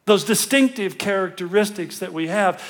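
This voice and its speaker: A man's voice: high-pitched, normal speed. Chuckling middle-aged male pastor. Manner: conversational and self-deprecating, with frequent chuckles. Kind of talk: sermon.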